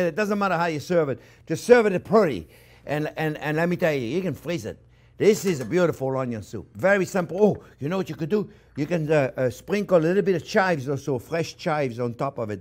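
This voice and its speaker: A middle-aged man, hosting a cooking demonstration in a chatty, animated way and checking in with "okay?" as he goes. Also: fairly high pitch. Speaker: chef and cooking show host.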